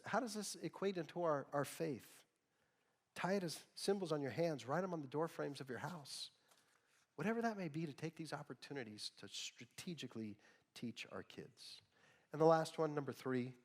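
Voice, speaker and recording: A middle-aged man preaching a sermon as pastor, telling stories in an animated way. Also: fairly high pitch. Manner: storytelling, with loud bursts of laughter and mimicry. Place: church sanctuary. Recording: long reverb of a church hall.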